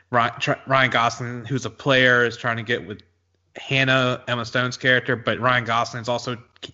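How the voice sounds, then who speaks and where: A man's voice: mid-range voice, bright, forceful tone, dull audio. A man co-hosting a casual movie podcast, eagerly retelling favorite scenes. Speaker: podcast co-host.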